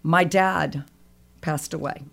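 With a low, creaky voice, a woman takes her time as she shares a personal story on a radio show. She tells it with feeling and animation, voicing the people involved.

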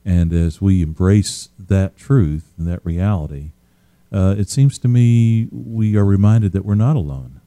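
A man hosting a radio show, speaking in a measured, halting way with many pauses. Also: low-pitched, dark tone, no echo. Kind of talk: reflective radio talk.

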